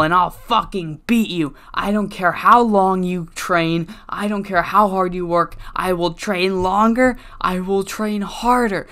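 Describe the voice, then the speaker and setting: A man's voice: sits high, sharp tone, voice pushed up. A man voicing a furious, trash-talking male champion wrestler who snarls profane threats.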